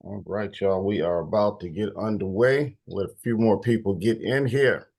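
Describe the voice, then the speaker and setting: A man hosts a policy talk in a relaxed, conversational way. His voice is a bit stuffy and congested, and he greets attendees by name as they come in. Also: on the low side, moderate pace, vocal fry. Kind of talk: casual online meeting hosting.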